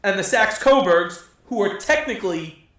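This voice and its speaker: A young man, a podcast guest, joking and animated in casual chat. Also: high voice, normal speed, far from the mic. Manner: animated, jokey. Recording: echoey room.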